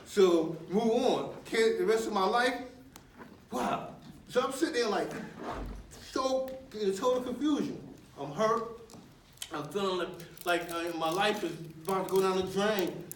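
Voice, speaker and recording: High-voiced man telling his story in an echoey hall. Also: unhurried, pauses often. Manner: conversational, street slang, laughs often. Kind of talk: live personal storytelling talk. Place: university lecture room with audience. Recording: echoey room, mic at a distance, faint noise.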